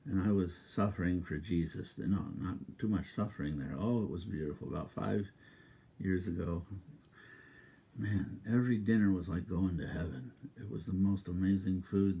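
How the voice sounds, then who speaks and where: A man preaching a sermon as a minister, exuberant and emphatic, repeating exhortations and breaking into loud rhythmic laughter. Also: low voice, moderate pace, vocal fry, breathy edge.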